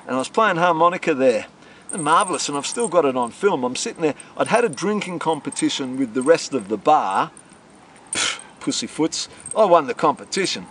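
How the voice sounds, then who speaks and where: A man's voice: on the high side, expressive, fairly quick, a bit bright, slight background noise. A middle-aged man being interviewed, rambling in a boisterous, swaggering and profane way. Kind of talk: rambling casual interview talk.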